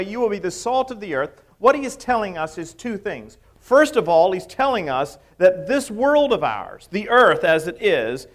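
A man preaching a sermon to his congregation, rising and dropping his voice for emphasis and putting questions to the listeners. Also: high voice. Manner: expressive preaching, rises and drops for emphasis, asks the congregation questions. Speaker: pastor.

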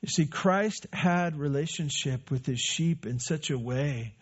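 Higher-voiced preaching man, lo-fi. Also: unhurried, slightly rough. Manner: conversational preaching with rhetorical questions. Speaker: pastor. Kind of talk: sermon.

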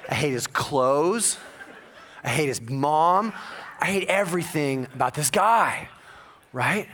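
A male pastor preaching a sermon, telling a personal story with humor and bursts of loud excitement. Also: fairly high pitch, takes it slowly, a little hiss or hum. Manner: animated storytelling with jokes and sudden loud bursts.

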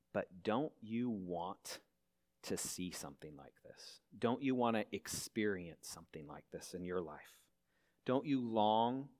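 A man pastor preaching a sermon in a church, earnestly asking his listeners questions. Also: deep voice. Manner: earnest, asks the congregation many questions. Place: church hall.

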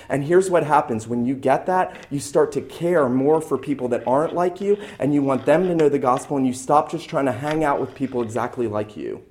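Man, pastor, sermon, emphatic, repeats lines for stress, middle pitch. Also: fairly quick, hardly any pauses, darkish tone.

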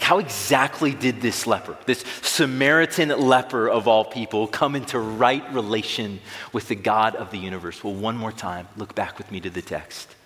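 A man's voice: lowish voice, a bit bright. A young man preaching a sermon to a large room, emphatic and building intensity on key phrases. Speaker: pastor. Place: large room with long reverb. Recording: echoey hall reverb.

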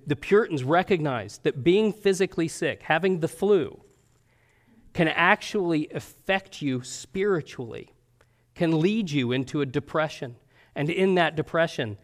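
A man delivering a sermon in an earnest, conversational manner. His voice sits a little high for a man. He often stops to check in with his listeners, asking "right?" as he goes. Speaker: preacher.

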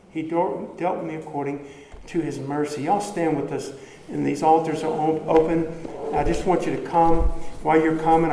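A man preaches earnestly, his voice a bit high but mellow and soft-edged. He repeats words as he goes, speaking from a church where the sound rings through a large, echoing hall. A faint ambient hum sits beneath him. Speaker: pastor. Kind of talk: sermon. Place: church sanctuary.

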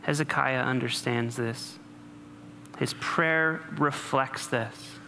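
A man delivers a sermon with a bright, forceful voice of middle pitch. He talks to the congregation conversationally and slips in joking asides. The sound carries a long hall reverb and faint background noise. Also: steady tone, takes it slowly, vocal fry. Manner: conversational preaching with humor and asides. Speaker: pastor.

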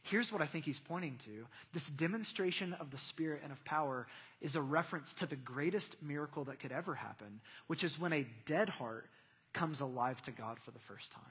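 Young adult male pastor, conversational then emphatic sermon, bright husky voice, long hall reverb. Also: on the high side, brisk. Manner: conversational, building to emphatic preaching. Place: church hall.

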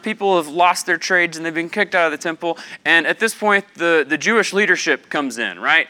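A young man from the American Southeast preaching a sermon in a conversational, animated way, acting out the people he quotes. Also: fairly high pitch. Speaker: pastor.

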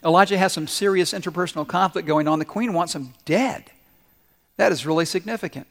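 Man, pastor, sermon, high-set voice, storytelling, asks the congregation questions, long hall reverb. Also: fairly quick, gravelly, a bit bright. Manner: storytelling with acted-out quotes and audience questions.

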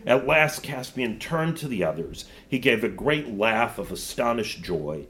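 A man's voice: medium pitch, big pitch swings, measured pace, hardly any pauses, fairly bright tone. A man reading a story aloud to a class and then explaining it with thoughtful asides. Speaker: teacher.

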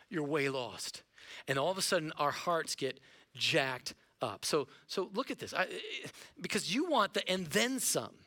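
A middle-aged male pastor preaching a sermon in a playful, animated way, acting out voices of his listeners. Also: high-pitched. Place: church auditorium.

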